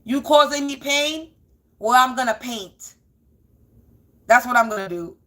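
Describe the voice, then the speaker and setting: A woman's voice: a little high, a little slow, bright, forceful tone. A woman doing a casual spiritual reading, blunt and profane, repeating phrases for emphasis. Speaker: spiritual energy reader.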